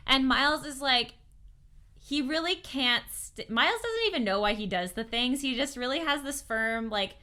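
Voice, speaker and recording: A woman co-hosts a casual book podcast with a slightly high, very bright and forward voice. She retells scenes in a chatty way, full of "like" and little acted-out quotes. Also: animated, normal speed. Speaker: podcast co-host.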